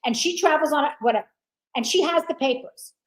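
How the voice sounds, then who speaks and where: A woman's voice: sits high, a little fast, rough recording. A woman telling a story in a casual chat, acting out the other people's lines and swearing freely. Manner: animated storyteller, acts out dialogue, swears. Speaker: guest.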